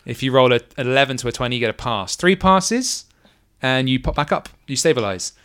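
A man narrating as game master of a tabletop game, playful and lively in his descriptions. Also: mid-range voice, fairly quick, clean tone.

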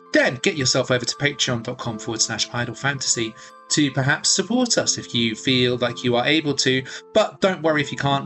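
A man narrating as game master and hosting the podcast, an animated storyteller who acts out sound effects. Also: medium pitch.

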